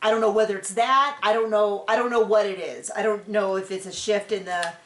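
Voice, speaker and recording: A woman's voice: mid-range voice, fairly even intonation, brisk, fairly bright tone. A woman hosting a reality-TV recap, chatty and opinionated, rambling with lots of fillers. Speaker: TV show recap host. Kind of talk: casual reality-TV recap commentary. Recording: echoey room.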